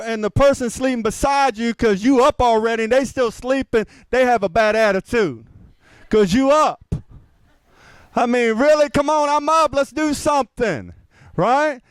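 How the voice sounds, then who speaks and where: A man preaching a lively, conversational sermon as pastor, asking the congregation questions. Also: very high voice, normal speed, clear, resonant tone, no echo, rough recording.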